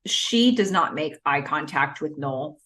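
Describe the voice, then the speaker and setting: A woman co-hosting a casual recap podcast with a lively, swooping voice. She talks in quick bursts and jumps into the characters' lines as she retells a scene. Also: deep voice. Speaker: podcast co-host.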